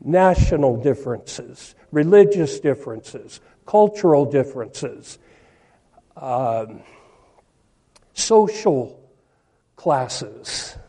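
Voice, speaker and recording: Slow-speaking preacher, a man with a mellow voice. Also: mid-range voice, lively intonation. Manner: slow, emphatic, reads scripture aloud. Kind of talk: sermon.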